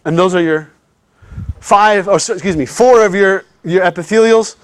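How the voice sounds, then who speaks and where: Guy teaching a class, kinda high voice, dry sound, chatty and keeps asking if everyone's following. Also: moderate pace, dry recording. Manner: chatty, checks in with students often. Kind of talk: classroom lecture.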